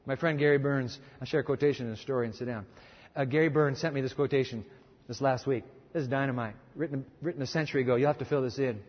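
A fast-talking middle-aged preacher with a mid-range, fairly even voice delivers an emphatic sermon in a conversational way, often restarting phrases as he presses on. The recording sounds dull, with a hall's long reverb.

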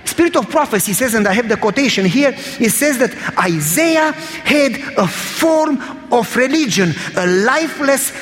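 A man's voice: very high-pitched, expressive, moderate pace, fairly bright tone, big-room sound. A man preaching a sermon in a church, telling stories in an emphatic, conversational way.

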